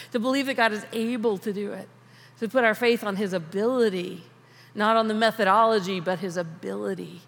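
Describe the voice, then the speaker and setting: A woman's voice: medium pitch, fairly bright tone. Chatty woman preaching in a reverberant hall. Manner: chatty, laughs often, frequent restarts. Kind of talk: conversational sermon. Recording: long reverb of a large hall.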